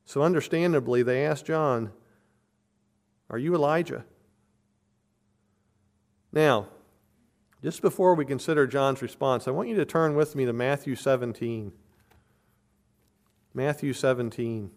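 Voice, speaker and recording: A man's voice: mid-range voice, moderate pace, pauses often, a little mellow. A man preaching an expository sermon as pastor, earnest and emphatic, building points through repetition.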